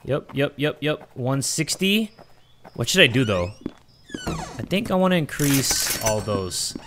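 A young man giving excited gameplay commentary, swearing often and talking to his viewers, swinging between hyped yelling and muttered counting. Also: medium pitch, unhurried, noisy background. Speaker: gaming YouTuber.

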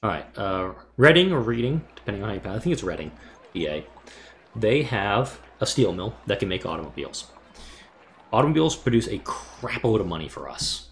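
A man talking through a game in a relaxed, unscripted way, half to the audience and half to himself. His pitch rises and falls a great deal as he wonders aloud and corrects himself. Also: brisk, a little hiss or hum. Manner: thinks aloud, muttering to himself while planning; casual, swears mildly. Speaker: let's play gamer. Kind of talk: casual gameplay commentary.

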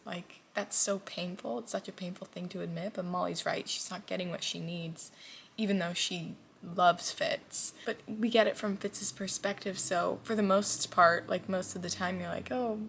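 A woman's voice: medium pitch, vocal fry, fairly bright tone, slight background noise. A young woman in her twenties chatting casually about books she is reading, gushing and full of "like" fillers. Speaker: book vlogger. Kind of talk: casual reading vlog chat.

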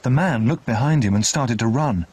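A man narrating a retold classic novel in an expressive, dramatic reading style. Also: mid-range voice, moderate pace, husky. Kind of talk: scripted storybook narration.

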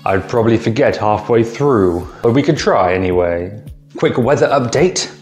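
A man's voice: on the low side, lively intonation, normal speed, over music. A young man hosting a casual beer-tasting vlog, chatty and a little hesitant, talking straight to his viewers. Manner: chatty, hesitant with ums, addresses viewers as guys and team. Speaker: beer-tasting vlogger, channel host.

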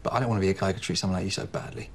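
An actor playing a cheeky, laid-back young British man in a sitcom, talking deadpan. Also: low-pitched, rapid-fire, creaky, slight background noise. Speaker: Dan, a lazy young man house-sitting.

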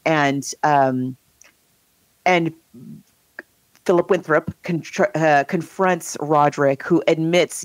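A woman's voice: deep voice, fairly even intonation, slow pace, long pauses, no echo. A woman co-hosting a podcast, chatting casually and enthusiastically. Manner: chatty, enthusiastic, voices quoted people playfully. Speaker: podcast co-host. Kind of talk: casual chat.

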